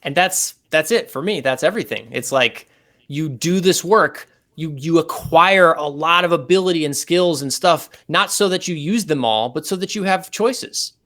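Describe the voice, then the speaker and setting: A man, a guest saxophonist in an interview, telling animated anecdotes and explaining technical ideas step by step in a relaxed way. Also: a little high, normal speed.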